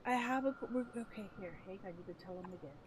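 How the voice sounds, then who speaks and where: A middle-aged woman telling family stories in casual chat on a livestream, lively and laughing as she acts out quotes. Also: medium pitch, quick pace, crowd noise. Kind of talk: casual storytelling.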